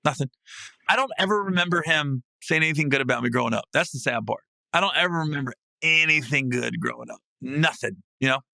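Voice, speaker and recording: A man hosting a podcast, telling a comic story in a casual, salty way, often breaking into loud, high laughing bursts. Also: fast, creaky, no room sound. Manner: animated, swings into loud, high laughing outbursts; salty, casual, swears freely. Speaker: podcast host. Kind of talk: comedic storytelling monologue. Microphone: podcast mic.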